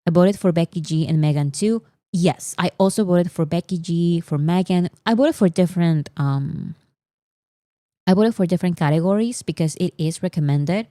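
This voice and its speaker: A woman's voice: fairly low pitch, normal speed, warm tone, no echo, studio quality. A woman hosting a casual livestream, chatting in an opinionated way with many fillers. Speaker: livestream host.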